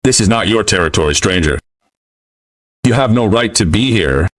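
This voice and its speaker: A man's voice: lowish voice, expressive, moderate pace, dry recording. A man voicing a bold, defiant young cowboy in a narrated western story.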